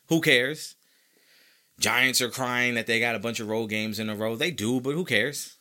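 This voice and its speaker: A man hosting a sports podcast, talking casually and emphatically, repeating himself as he argues his opinions. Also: fairly low pitch. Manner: emphatic, animated and opinionated, with frequent repetition. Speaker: podcast host.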